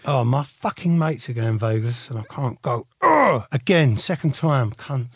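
A man's voice: medium pitch, moderate pace, a little mellow, husky, no room sound, clean studio sound. A man co-hosting a podcast, chatting casually in blunt, sweary banter. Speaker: podcast co-host. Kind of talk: casual chat.

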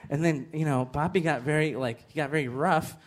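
A man with a slightly higher voice tells funny stories about his family in a live stage interview, winding through long anecdotes and bursting into laughter at the punchlines. Faint noise hangs on the stage mic. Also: fairly quick. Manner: animated storytelling with bursts of laughter and shouted punchlines. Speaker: comedian guest. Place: comedy festival stage with live audience.

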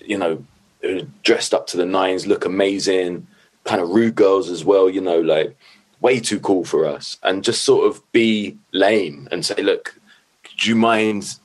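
Deep-voiced man, chatty. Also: measured pace. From London. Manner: animated, swears freely, leans on "like" and "you know what I mean". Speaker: guest. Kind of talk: casual storytelling.

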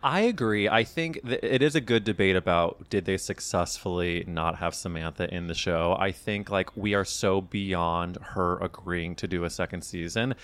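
A Midwest-raised man hosts a casual podcast chat. His voice sits somewhat low, and he teases his guest playfully and swears freely. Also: normal speed, few pauses, fairly bright tone. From American Midwest. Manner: playful, teasing, profane. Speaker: podcast host.

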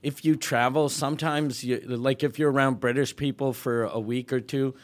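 A man's voice: medium pitch, steady tone, normal speed. A man from Quebec who is a comedian guest on a podcast, chatting playfully and riffing with mock voices. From Quebec, Canada. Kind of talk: casual comedy podcast banter.

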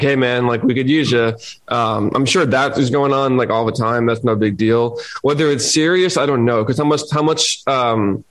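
A man, a former player and co-host, chatting casually in a relaxed, hedging way as he thinks aloud. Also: mid-range voice, low-quality recording. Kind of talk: casual sports chat.

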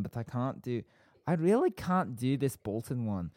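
A man co-hosting a casual podcast, talking fast and rambling with frequent fillers and asides. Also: medium pitch, animated, mellow, no room sound. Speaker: podcast co-host.

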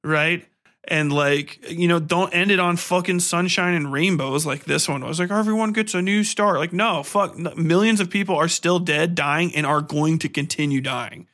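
A man's voice: fairly high pitch, moderate pace, few pauses. A man hosting a podcast, giving a profane, rambling film review in casual chat, sometimes breaking into song. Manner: profane, rambling, animated storytelling with sung bits. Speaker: podcast host.

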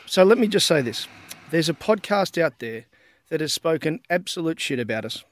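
A man's voice: fairly high pitch, big pitch swings, moderate pace, a bit bright. A man co-hosting a casual podcast, cheeky and profane, with a mock-formal delivery. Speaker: podcast co-host.

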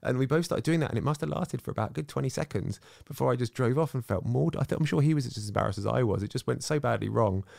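A man co-hosting a podcast, telling stories about himself in a brisk, self-mocking way. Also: mid-range voice, creaky, darkish tone, no echo, clean studio sound. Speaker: podcast co-host. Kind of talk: casual chat.

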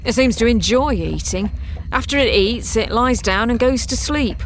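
An eager, nervous young crewman, as a woman puts him on in a storybook speaks in a raised, hopeful voice. He sounds apologetic and keen to please. His lines come out brighter and louder than the narration. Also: on the high side, lively intonation, normal speed, a little hiss or hum, low-quality recording.

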